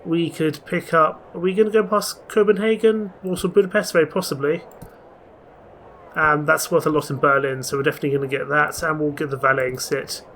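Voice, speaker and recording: A man's voice: a little high, steady tone, brisk, fairly bright tone, slight background noise. Chatty man reading a game aloud. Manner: chatty, mixes reading with plans. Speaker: game player. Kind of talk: let's play, reading game text aloud.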